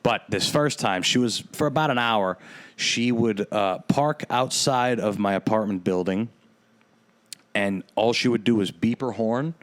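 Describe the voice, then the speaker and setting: A man's voice: lowish voice, measured pace. A young man hosting a podcast, telling a rambling, profane story in casual chat with lots of fillers. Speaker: podcast host.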